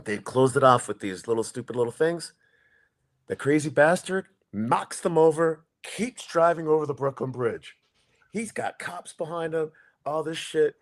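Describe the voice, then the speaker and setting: A man spins a street story in loose, profane podcast chat. His pitch swings widely as he acts out neighbors and cops, rising and dropping with each beat. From New York. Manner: animated storyteller, swears, acts out quoted people. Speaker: podcast co-host.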